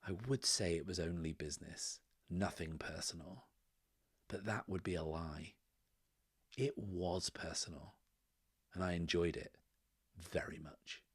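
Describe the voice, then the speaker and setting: A man's voice: a little slow, long pauses, breathy edge, no echo, studio quality. A man doing a cold whispering scoundrel. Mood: menacing. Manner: quiet, low and threatening, spoken into an ear. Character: cold menacing male scoundrel, calm and cruel. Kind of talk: whispered role-play.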